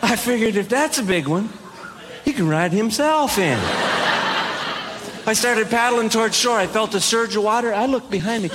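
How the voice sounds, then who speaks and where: Self-deprecating man with a high voice. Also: animated, moderate pace, long pauses, very noisy. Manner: self-deprecating, playful punchlines. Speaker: comedic speaker. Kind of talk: stand-up storytelling.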